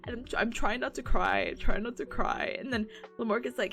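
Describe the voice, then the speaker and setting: Brief: twenties woman streamer, slightly high voice, lively storytelling, faint music behind. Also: normal speed, hardly any pauses. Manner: animated, acts out quoted people. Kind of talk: casual storytelling chat.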